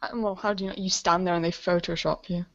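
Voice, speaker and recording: A woman's voice: lowish voice, fairly even intonation, fast, fairly bright tone. A young British woman in a casual chat, ranting bluntly, swearing and laughing often. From Britain. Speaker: guest. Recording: dull lo-fi recording.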